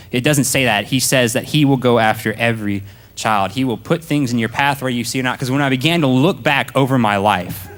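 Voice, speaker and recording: A man's voice: medium pitch, fairly bright tone, big-room sound. A young man tells his personal testimony to a church congregation in a casual storytelling way. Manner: casual, storytelling, acts out his past self. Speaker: church speaker giving testimony.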